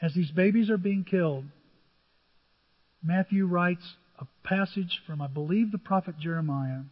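An older male pastor preaches in a husky, high-pitched voice, telling stories with acted-out dialogue. The audio is dull and muffled, and a long reverb hangs on every word as if he were in a large church hall. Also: moderate pace. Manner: conversational storytelling, acts out biblical dialogue. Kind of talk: sermon.

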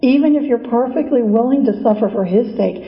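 A woman's voice: on the high side, a little fast, echoey room, in a large hall, muffled recording, natural voice. A woman whispering as coaxing Self-Pity, whispered role-play. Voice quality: soft, hushed, coaxing. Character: soft, pitying personified Self-Pity.

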